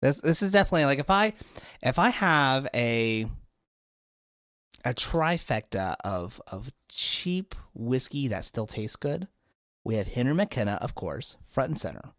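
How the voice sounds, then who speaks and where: A man in his thirties with a medium-pitched, slightly slow voice co-hosts a podcast, recorded in studio quality with no room sound. A little tipsy from drinking, he chats casually and rambles through his stories as a lively storyteller.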